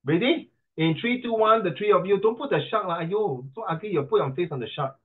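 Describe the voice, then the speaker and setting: A man's voice: high-pitched, lively intonation, a little fast. A man with a Singaporean accent teaching an online class in a playful, joking way, full of rhyming wordplay. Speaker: tutor. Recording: tinny phone-like line.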